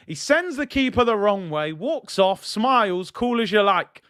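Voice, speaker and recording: High-voiced man commentating excitedly. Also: no room sound, clean studio sound. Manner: excitable, shouts and jumps in pitch at each goal, addresses viewers as "people". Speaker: watch-along host commentating on a penalty shootout. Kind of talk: live football commentary.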